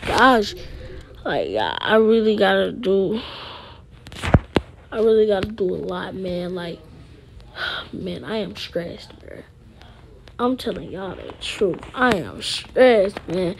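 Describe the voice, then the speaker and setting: A woman's voice: mid-range voice, very animated, slow pace, vocal fry, long pauses, background noise. A woman talking casually to viewers while playing a life-sim game, rambling in slang. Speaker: gaming vlogger. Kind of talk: casual game commentary with role-play.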